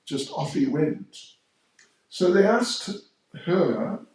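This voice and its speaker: A man, a monk, telling a sacred story in a relaxed devotional talk, chatty and full of asides. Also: on the high side. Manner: unhurried, chatty, aside-filled. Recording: echoey hall, mic far off.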